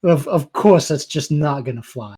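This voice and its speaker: A man chatting casually about a tabletop role-playing character, talking hesitantly with many pauses. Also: fairly high pitch, animated, mellow, breathy edge. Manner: hesitant, with fillers and a laugh. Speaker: podcast co-host.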